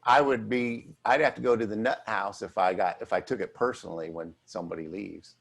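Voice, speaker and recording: Gravelly, blunt male financial advisor. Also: on the low side, fairly quick. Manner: blunt, animated, emphatic. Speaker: financial advisor, firm head. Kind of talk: casual office-hours chat.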